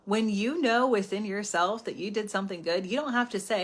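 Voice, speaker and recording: A woman hosting a live self-help talk, chatty and animated, often dropping to a whisper for asides. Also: medium pitch, a little fast, few pauses. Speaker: healing coach hosting a live stream.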